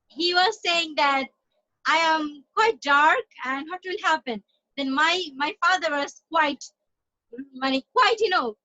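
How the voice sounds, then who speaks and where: A Bangladeshi-born woman entrepreneur chats casually as an interview guest over a video call. Her voice is high and bright, and she's talkative, often repeating and restarting phrases. The call audio sounds dull and lo-fi.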